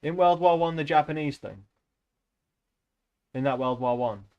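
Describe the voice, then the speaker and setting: A man's voice: a little high, moderate pace, darkish tone, clear, resonant tone, dull audio. A young man streaming, chatting to viewers in a rambling, offhand way and swearing casually. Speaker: livestreamer.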